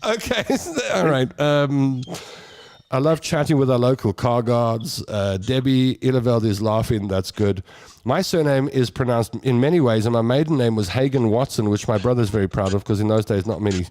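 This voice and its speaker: A man's voice: medium pitch, moderate pace, a little mellow. A man hosting a radio show, chatting and laughing with his co-hosts and reading out listener comments. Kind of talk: casual studio banter.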